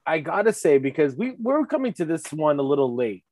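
A man co-hosting a casual movie review chat, animated and rambling, laughing often. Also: on the high side, fairly quick, no room sound. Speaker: podcast co-host.

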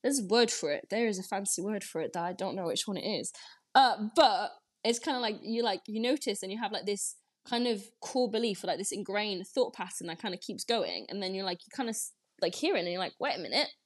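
A young woman speaks as a podcast guest. Her talk is casual and reflective, full of filler "like"s. Her pitch sits in an ordinary middle range. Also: expressive, brisk. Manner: chatty and reflective, many fillers like "like". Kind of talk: casual conversational interview.

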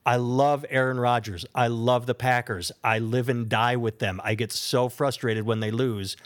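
A man's voice: medium pitch, fairly even intonation, normal speed. A man co-hosting a podcast in casual chat, ranting with opinions and mocking quotes. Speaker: podcast co-host.

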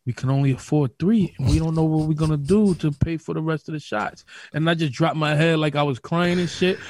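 A man from Queens with a New York accent, co-hosting a podcast and telling animated, profane stories with voices for the people in them. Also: a little high, brisk. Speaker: podcast co-host. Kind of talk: casual storytelling chat.

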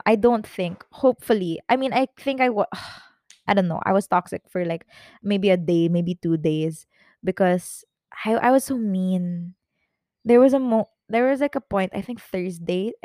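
This young woman's podcast is a personal confessional, delivered in a mid-range, slightly mellow voice. She rambles with emotion, occasionally near tears, stumbling through restarts and fillers, all captured cleanly in a studio without room sound.

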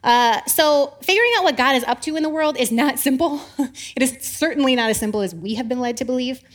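A woman giving a casual, animated sermon, acting out the biblical figures. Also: high-pitched, fast talker. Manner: chatty, animated, acts out voices of biblical figures with laughs. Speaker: preacher.

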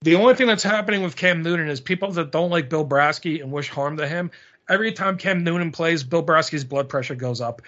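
A man's voice: on the high side, fairly quick, a bit bright. A man hosting a podcast, in casual chat, brash, jokey and full of swearing. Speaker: podcast host. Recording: dull lo-fi audio.

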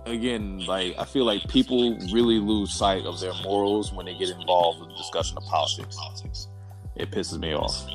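A man with a Southern US accent hosts a podcast in a relaxed, profane way. His voice sits fairly low. Faint music runs in the background. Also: moderate pace. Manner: loose, profane, laid-back. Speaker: podcast host. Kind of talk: casual podcast chat.

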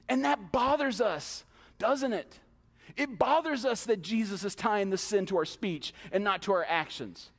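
A man with a very high, light voice preaching to his congregation, driving home points with rhetorical questions and playful acted-out asides. His words ring through a church hall with a long reverb. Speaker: pastor. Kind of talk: sermon.

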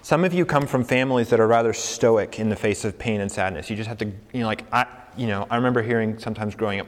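A man's voice: on the low side, fast talker, hardly any pauses. Earnest preaching man in reverberant hall. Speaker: pastor. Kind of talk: sermon.

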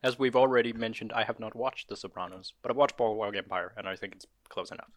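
A man's voice: lowish voice, quick pace. A man co-hosting a podcast in casual chat, rambling and hedging with fillers as he talks. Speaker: podcast co-host.

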